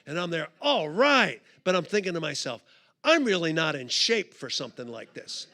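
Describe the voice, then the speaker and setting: A man giving a storytelling sermon at a live conference, animated and comic, acting out the people in his story. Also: a little high, fairly quick. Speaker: conference speaker. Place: live conference stage before an audience.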